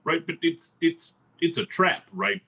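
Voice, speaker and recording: Hesitant man with a husky voice. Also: on the high side, unhurried, sharp tone. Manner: hesitant, cautious, stumbling. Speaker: player. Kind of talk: comedic tabletop role-play.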